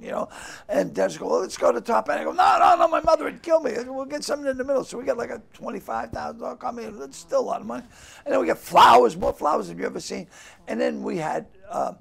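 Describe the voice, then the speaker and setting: An older man spins stories with a high, gravelly voice that is rough and husky at the edges. His pitch swings all over the place as he acts out quotes with sudden loud bursts in a casual interview. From Boston. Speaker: comedian guest.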